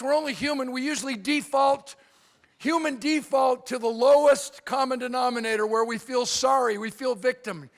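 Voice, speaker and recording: In a convention hall, a lively middle-aged motivational speaker tells comic stories to carry his keynote forward. He performs the other people's lines in brisk quoted voices, speaking with a high male pitch that turns gravelly at the edges.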